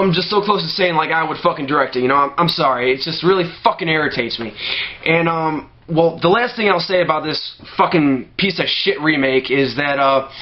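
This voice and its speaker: A man's voice: a little high, highs cut off. A man delivering a profanity-laced movie rant to camera, filling his talk with "you know" and restarting his sentences. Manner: heavy swearing, many "you know" fillers, restarts. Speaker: movie ranter.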